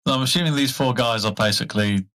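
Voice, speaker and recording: A man's voice: mid-range voice, quick pace, a bit bright. Male tabletop player, plain speech. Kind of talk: casual tabletop game chat.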